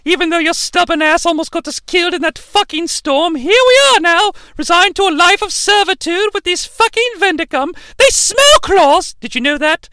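A man voicing a fed-up, nagging Mrs. Claus in a shrill falsetto. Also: normal speed, hardly any pauses, bright, forceful tone, no echo. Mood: whiny, exasperated. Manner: shrill, high complaining falsetto.

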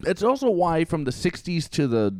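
A man's voice: fairly high pitch, big pitch swings, moderate pace, no echo, studio quality. A young man co-hosting a casual podcast, rambling with many restarts and the odd swear word. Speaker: podcast co-host.

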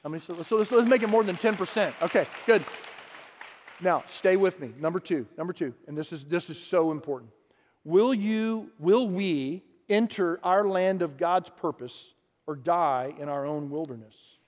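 A man preaching a sermon, animated and often acting out quoted voices, with frequent restarts. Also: sits high, moderate pace, a faint crowd. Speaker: pastor. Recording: long hall reverb.

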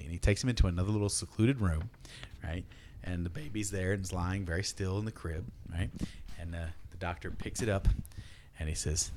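A man co-hosting a casual comedy talk, telling a long joke in an animated way. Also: low-pitched, fairly quick, slight background noise. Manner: lively, animated joke-teller, drops to a hush for effect. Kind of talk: storytelling a dark joke, casual banter.

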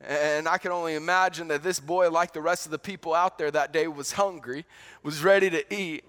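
A male pastor with a high-pitched voice preaching a sermon. He talks in a relaxed, conversational way and often restarts and repeats words as he goes. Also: fairly quick, clear, resonant tone.

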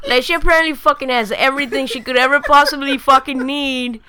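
A woman's voice: sits high, fairly even intonation, fast, bright, forceful tone. A woman in a casual podcast chat, blunt and sarcastic, swearing freely as she reacts to a story. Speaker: podcast co-host.

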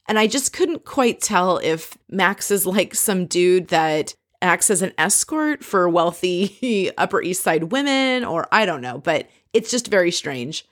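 A woman's voice: on the low side, sing-song, measured pace, few pauses. A woman giving a casual, sarcastic recap of a reality TV episode in a chatty commentary style.

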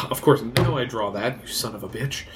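A man's voice: mid-range voice, normal speed, very noisy. A man running a tabletop card game with friends, chatting, laughing often and narrating the action between turns. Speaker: game master.

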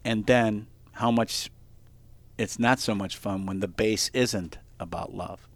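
A man's voice: on the low side, slow, creaky, dry recording. A middle-aged man hosting a podcast, chatting casually and telling rambling stories with many restarts. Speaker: podcast host. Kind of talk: casual interview chat.

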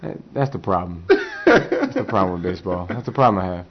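Argumentative low-voiced man hosting. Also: wildly swooping pitch, a little fast, muffled recording, a little hiss or hum. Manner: argumentative, insistent, stumbles over words. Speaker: podcast host. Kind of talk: casual sports chat.

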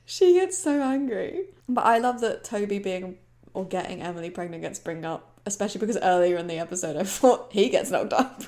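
Young woman, mellow warm tone, sweary, laughs often, podcast recap. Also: mid-range voice, animated, brisk. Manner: blunt and sweary, laughs a lot. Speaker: podcast co-host. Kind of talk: casual TV recap chat.

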